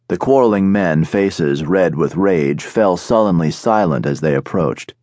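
A man narrating an audiobook in a steady, measured storytelling manner, recorded on a studio microphone. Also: low voice, no room sound. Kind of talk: scripted narration.

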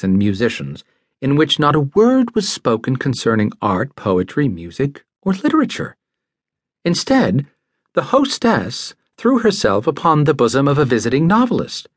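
A male narrator voicing a gentle, earnest male angel who speaks in a measured, formal way. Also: medium pitch, no room sound, studio quality.

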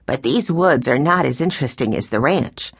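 A woman voicing a kindly older aunt in a storybook reading, explaining in a measured, patient way. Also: very deep voice, expressive, husky, no echo, studio quality, full character voice.

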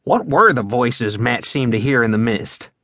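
A man voicing a feisty, jumpy schoolboy in a children's audiobook, sharp and insistent. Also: medium pitch, lively intonation, moderate pace, no echo, clean studio sound. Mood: puzzled. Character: feisty boy, jumpy and quick to punch.

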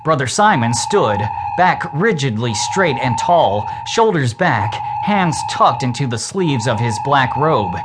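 A man narrating a children's book as an audiobook in a slow, measured reading. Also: mid-range voice. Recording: loud steady hiss.

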